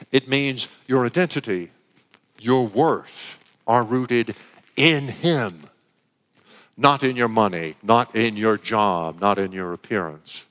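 A male pastor preaching a sermon in a church, telling a story with expression and slowing down for emphasis. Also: medium pitch, fairly bright tone. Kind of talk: sermon with a story read aloud. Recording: reverberant church hall.

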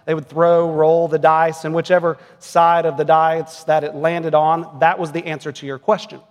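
Earnest pastor in an echoing church. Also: male voice, a little high, flat delivery, normal speed. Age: 40s. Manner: earnest, rising to emphatic peaks. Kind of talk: sermon. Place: church sanctuary. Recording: long reverb of a church hall.

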